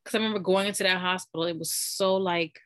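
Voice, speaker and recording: A woman's voice: lowish voice, fairly even intonation, fast talker. A woman in a casual chat, telling a heartfelt personal story in a rambling way with lots of "like".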